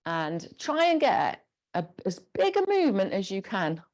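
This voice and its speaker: A woman instructor leading a gentle guided exercise class, encouraging and giving step-by-step movement cues. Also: mid-range voice, very animated, normal speed.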